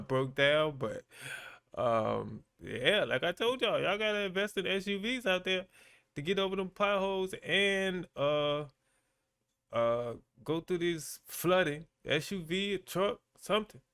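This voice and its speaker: Slow, smooth-voiced male vlogger. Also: high voice, a bit bright. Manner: laid-back, chatty, with frequent fillers and laughs. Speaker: vlogger and host. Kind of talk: casual commentary.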